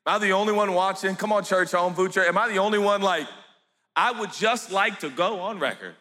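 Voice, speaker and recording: A pastor preaching a sermon in an animated, joking way, often jumping into high, shouted outbursts. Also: male voice, brisk. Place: church hall. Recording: echoey hall with faint music.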